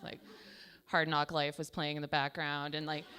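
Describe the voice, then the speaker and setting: A woman's voice: deep voice, level tone, moderate pace, pushed and bright, clear, resonant tone. A young adult woman telling self-deprecating stand-up stories in a chatty way, full of "like". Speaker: stand-up comedian. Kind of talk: stand-up comedy storytelling. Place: small comedy show stage.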